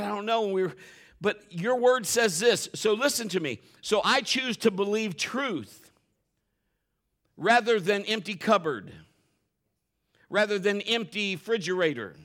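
A middle-aged male pastor with a high-pitched voice preaches a sermon, telling a story emphatically. He swings between loud exclamations and hushed asides.

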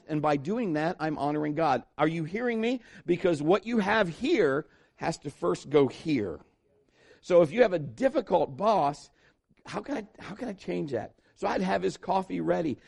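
A man's voice: on the high side, gravelly. A middle-aged man preaching a sermon, telling a personal story and acting out the voices of the people in it. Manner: animated storytelling preacher, acts out quoted voices. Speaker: pastor.

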